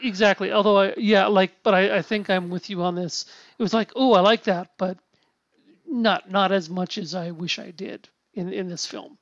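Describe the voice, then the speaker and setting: A man chatting casually about a film, halting often with restarts, fillers and casual swearing. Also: sits high, fairly even intonation, gravelly, a bit bright, no room sound. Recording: dull lo-fi sound.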